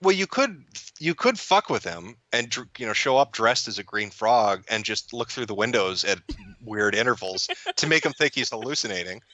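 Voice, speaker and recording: In a muffled recording without echo, a man chats casually as a guest, rambling, cursing, tripping over restarts and laughing mid-sentence out of amusement. His fairly low voice sounds pushed and bright, with lively intonation and a moderate pace.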